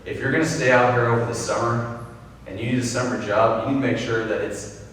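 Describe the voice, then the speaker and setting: A man's voice: medium pitch, steady tone, quick pace, a bit bright, a little hiss or hum. A young man from Texas doing a rambling, self-amused stand-up comedy set on stage. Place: large hall with a live audience. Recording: echoey hall recording from far off.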